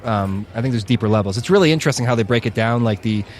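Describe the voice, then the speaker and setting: A man recounts a tale on a podcast in a loose, animated way, peppering it with swearing and fillers. He talks quickly, and his voice sits at an average pitch. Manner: animated, profane, rambling with fillers. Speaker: podcast co-host. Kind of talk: casual storytelling.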